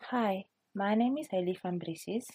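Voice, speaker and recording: A young woman with a South African accent, a student reading a prepared class podcast script in a measured way. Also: medium pitch, darkish tone, slightly rough, no echo. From Cape Town, South Africa. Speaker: student presenter.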